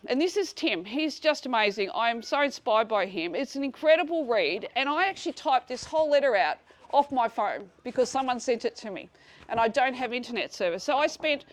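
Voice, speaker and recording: A woman in her sixties telling a group about her dispute, blunt and animated, swearing freely and acting out conversations. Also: high-pitched. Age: 60s. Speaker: speaker at a community meeting. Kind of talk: casual storytelling to a live group.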